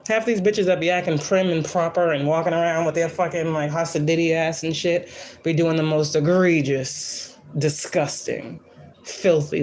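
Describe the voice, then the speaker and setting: A woman whose voice sits low with a darkish tone speaks over slight background noise. She's a spiritual reader on a casual livestream, preachy and defiant, blunt and profane, and she repeats lines often for emphasis.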